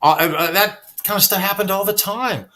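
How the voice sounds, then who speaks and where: Man, casual storyteller, bright voice, slightly high pitch, animated, swears. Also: moderate pace. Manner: animated, acts out quoted dialogue, swears freely. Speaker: guest storyteller.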